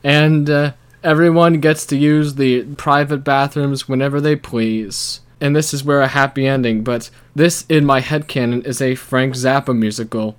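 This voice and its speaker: A man's voice: medium pitch, steady tone, moderate pace, hardly any pauses, smooth. A young man co-hosting a casual chat, rambling through a musical's plot and laughing often. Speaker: podcast co-host.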